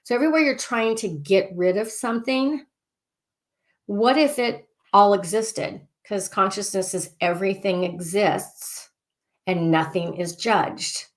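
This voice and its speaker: A woman life coach leading a casual group session, excitable and talking in loops, often repeating phrases and clearing statements. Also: mid-range voice, a little slow.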